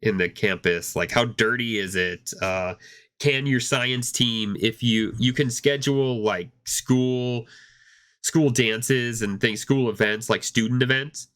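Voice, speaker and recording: Hoarse and trying to hold back a cough, this male gaming podcast co-host rambles casually and keeps restarting his sentences. He speaks slowly in a mid-range voice that's a bit bright and clean.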